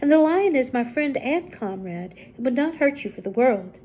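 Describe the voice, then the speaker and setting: Woman voicing a young farm girl, earnest, polite, high sweet voice, storybook reading. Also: animated, moderate pace, mellow, slight background noise, low-quality recording.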